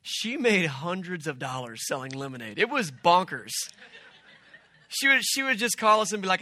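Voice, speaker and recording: A middle-aged man as pastor, preaching a sermon in an animated, conversational way with personal stories and side remarks. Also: on the high side, normal speed, no echo.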